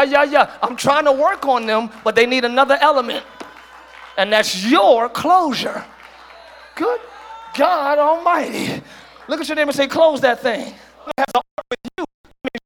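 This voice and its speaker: A man preaching a sermon as pastor to a congregation, using slang and acting out quick quoted voices. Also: very high-pitched. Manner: preaching with call-and-response and shouted peaks. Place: church hall with congregation.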